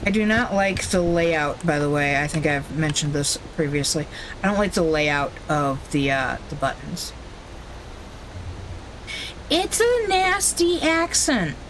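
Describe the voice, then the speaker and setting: A woman's voice: deep voice, normal speed, a little hiss or hum. A woman streaming a video game, commenting casually in a blunt, opinionated way with plenty of swearing.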